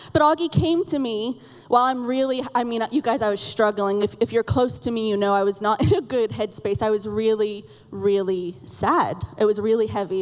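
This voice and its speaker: A woman's voice: a little high, darkish tone. A woman in her thirties preaching a sermon from a church stage, telling candid and self-deprecating stories about her children and laughing often. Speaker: pastor. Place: church auditorium. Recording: reverberant sanctuary sound.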